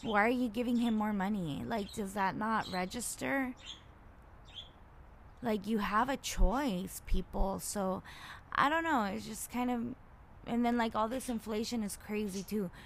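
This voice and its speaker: A woman ranting casually and bluntly, swearing freely and rambling with many fillers, getting loud and indignant as she retells a conflict. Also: medium pitch, measured pace, creaky, a little hiss or hum. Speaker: podcaster.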